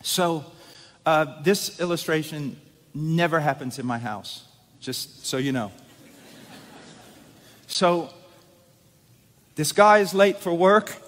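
A middle-aged man preaching a sermon in a church, swinging between loud urgent emphasis and quiet intensity. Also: a little high, slow, long pauses. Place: church sanctuary. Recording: long reverb of a large hall.

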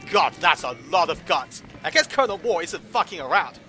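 High, lively sarcastic man narrating gameplay. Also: fairly quick, slight background noise. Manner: sarcastic, profane, exasperated. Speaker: commentator voicing the player character. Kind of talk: comedic gameplay commentary.

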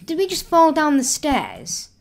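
A woman hosting a gaming video, chatting excitedly and thinking aloud as she plays. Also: high voice, a little slow, gravelly. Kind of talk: casual let's-play commentary.

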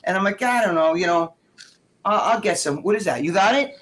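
A middle-aged man with a slightly high voice, telling a story on a live stream in a loose, profane way. He acts out the other people's lines himself, pushing his voice up and down to play each part. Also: a little fast. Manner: profane, animated, acts out quoted dialogue. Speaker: guest co-host.

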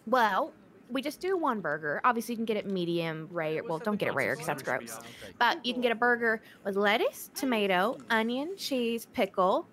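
A woman role-playing a bubbly, overeager fast-food cashier in a game, with a sweet service voice. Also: medium pitch, sing-song, fairly bright tone.

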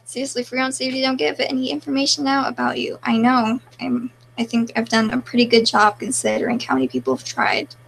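A woman with a slightly high, gravelly, crackly voice chats casually on a live stream. She reads viewer comments aloud and answers them offhandedly, trailing through fillers. A faint hiss sits under her voice. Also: fast, hardly any pauses.

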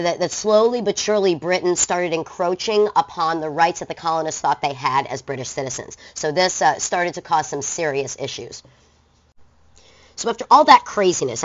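Casual woman teacher, lowish voice. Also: a bit bright. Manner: casual, conversational, slangy. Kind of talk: recorded online lesson. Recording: dull lo-fi recording.

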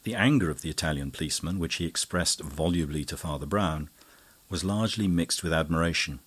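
A man narrating a classic mystery audiobook in a measured, low-key manner. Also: fairly bright tone, slightly rough. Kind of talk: scripted narration.

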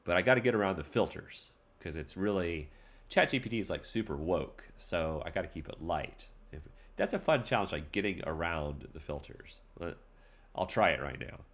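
Low-voiced man rambling through a tutorial. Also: expressive, normal speed, a bit bright. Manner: loose and rambling, many fillers, playful asides. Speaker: tutorial host. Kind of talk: casual screen-recorded tutorial.

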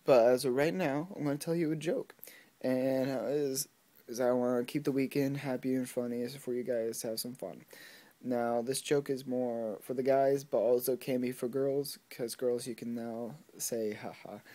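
A man's voice: mid-range voice, mellow. A man vlogging to camera, telling a joke in a rambling way and correcting himself as he goes. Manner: rambling, self-correcting, chuckles at his own jokes.

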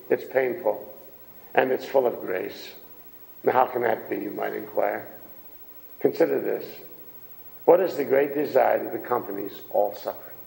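A man's voice: medium pitch, gravelly, darkish tone. A male minister giving a folksy, conversational sermon and asking the congregation questions. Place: church hall. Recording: echoey, reverberant hall.

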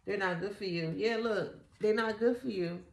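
A woman giving a casual tarot reading, animated and slangy, swearing often and repeating herself. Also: medium pitch, moderate pace, gravelly, reverberant. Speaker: tarot reader.

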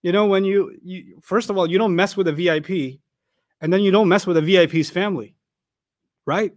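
A middle-aged Pakistani man delivers a storytelling sermon, a Quran lecture told through humorous, conversational stories. His voice sits high and moves fairly quickly. The studio-quality recording has no echo.

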